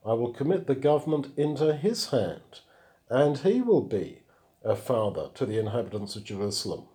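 A man with a warm, mellow voice, working through scripture as a Bible teacher. He reads passages aloud, then stops to explain and comment on them. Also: medium pitch, big pitch swings, normal speed.

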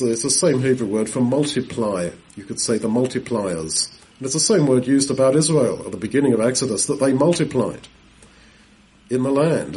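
A man preaching a sermon in a conversational Bible-teaching style, asking rhetorical questions and pausing to clear his throat. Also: mid-range voice, darkish tone.

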